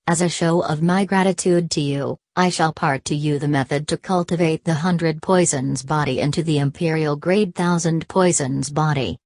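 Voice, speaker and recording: A woman voicing a calm, confident young male cultivator in an audiobook, speaking unhurriedly. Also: low voice, moderate pace, few pauses, no room sound, clean studio sound.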